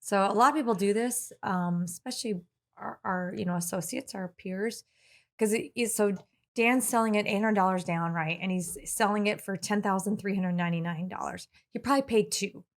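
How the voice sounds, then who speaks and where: A woman's voice: mid-range voice, fairly quick. A woman co-hosting a casual business podcast who answers questions earnestly and laughs easily. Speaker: podcast co-host.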